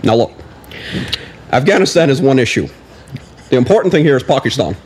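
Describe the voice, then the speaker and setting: A man doing a comic impression of a male US president, opening each answer with a slow, deliberate phrase. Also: medium pitch, very animated, a little mellow, a little hiss or hum, close to an everyday voice. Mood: mock-presidential.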